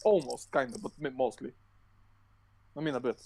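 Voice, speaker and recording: A man co-hosting a casual podcast, his voice sitting at an ordinary middle pitch. He rambles through his points with plenty of swearing, fillers and false starts. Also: moderate pace, gravelly, mellow, poor audio. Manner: rambling, profane, lots of fillers and restarts. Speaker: podcast co-host. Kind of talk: casual chat.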